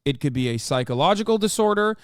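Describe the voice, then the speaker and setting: Fast and animated, a man with a voice on the high side tears into a political interview during a live stream, cursing and arguing with his chat. He's in his thirties, his tone is clean, and the audio is echo-free studio sound.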